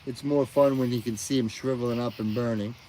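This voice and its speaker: A man's voice: medium pitch, fairly even intonation, a little fast, warm tone, poor audio. Live-stream host, middle-aged man, casual and sleepy, yawning between chuckles, outdoor night mic with faint hiss. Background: crickets.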